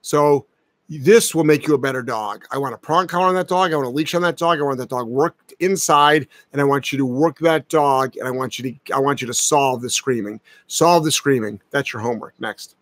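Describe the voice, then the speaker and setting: A middle-aged man hosts a live dog-training show, blunt and emphatic, ranting with profanity. His voice sits a little high, and the sound is dry and close. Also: brisk, fairly bright tone, no room sound. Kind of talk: casual live-stream advice chat.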